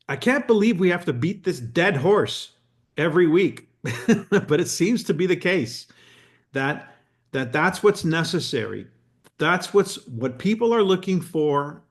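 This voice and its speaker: A middle-aged man from Canada co-hosting a network marketing call, telling a story with emphasis and acting out the quotes. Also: fairly high pitch. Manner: animated, emphatic, acts out quotes.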